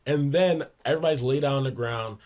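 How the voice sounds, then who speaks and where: A young man in his twenties, a podcast guest, telling lively locker-room anecdotes in a casual way, laughing along. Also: medium pitch, quick pace. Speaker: podcast guest, pro basketball player. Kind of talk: casual storytelling in a sports podcast.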